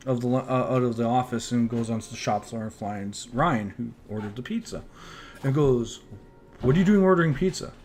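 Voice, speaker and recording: A man's voice: medium pitch, slight background noise. A Canadian man casually telling a work story, rambling and swearing as he retells what people said. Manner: rambling, profane, animated retelling with quoted voices. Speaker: podcast host.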